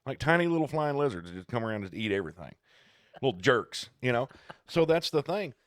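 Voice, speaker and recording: A man co-hosting a casual podcast chat, talking in an animated, digressive, jokey way. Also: medium pitch, a little fast, no room sound, clean studio sound. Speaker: podcast co-host.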